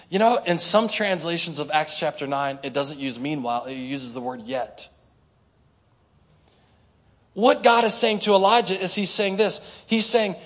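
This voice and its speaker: An animated male pastor delivers a sermon in a fairly high voice. He breaks into whiny complaining prayers and calls for responses from his congregation. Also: unhurried. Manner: talks straight to the congregation with call-and-response.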